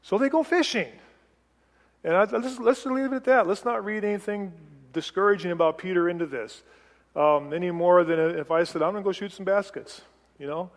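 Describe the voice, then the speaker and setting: A man's voice: high-pitched, normal speed. A middle-aged man preaching on a Bible passage in a conversational way, chatty, with light laughs and acted-out quotes. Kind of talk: conversational sermon. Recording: long reverb of a large hall.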